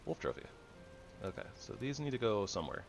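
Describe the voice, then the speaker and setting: A man's voice: fairly low pitch, fairly quick, faint music behind. A man giving casual, rambling commentary over his gameplay, often correcting himself. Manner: rambling, self-correcting, relaxed. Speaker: gamer.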